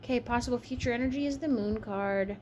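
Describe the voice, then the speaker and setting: A woman's voice: on the high side, fast. Tired woman doing a chatty tarot reading, blunt and casual, some faint hiss in the background. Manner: chatty, frank, swears casually. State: tired, yawning. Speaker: tarot reader.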